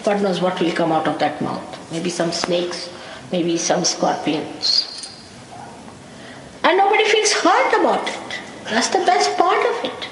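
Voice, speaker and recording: A woman's voice: lowish voice, very animated, measured pace. A woman gives a wry, anecdotal spiritual talk to a gathering, breaking into small laughs as she tells stories. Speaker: spiritual teacher. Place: lecture hall in London. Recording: echoey hall, faint hiss, 1985 archive tape.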